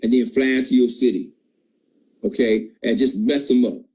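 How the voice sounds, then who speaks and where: A man's voice: fairly even intonation, moderate pace, mellow, slightly rough, poor audio. A man giving an emphatic, preachy motivational pep talk to his sales team. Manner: emphatic, preachy, jumps in pitch. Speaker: team leader at a sales call.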